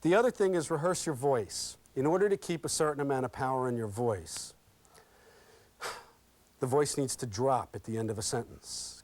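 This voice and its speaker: A man leading an interview skills workshop, talking in a lively, interactive way and acting out examples with his audience. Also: mid-range voice, moderate pace. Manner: lively and interactive, checks in with "okay?" constantly; folksy and animated, acts out examples. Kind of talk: live workshop talk with role-play demonstrations.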